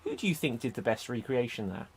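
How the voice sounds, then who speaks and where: A man's voice: medium pitch, big pitch swings, quick pace, husky. A man hosting a livestreamed improv comedy show over a video call, upbeat and announcing. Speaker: host.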